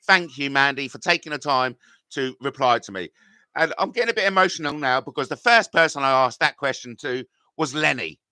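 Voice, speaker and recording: A man's voice: medium pitch, a little fast, sharp tone, no room sound, clean studio sound. A middle-aged man, live-streaming and reading out chat comments in a combative, rambling way full of swearing.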